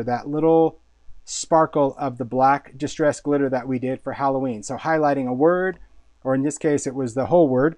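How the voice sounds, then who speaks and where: A man's voice: a little high, a little mellow, dry recording. Chatty, upbeat man with a raised voice. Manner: enthusiastic, chatty, repeats words while thinking. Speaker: host and product designer. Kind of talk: casual live product showcase.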